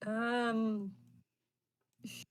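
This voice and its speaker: A woman playing in a tabletop game over voice chat, speaking softly and unhurriedly. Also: a little high, level tone, extremely slow, no room sound. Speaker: player.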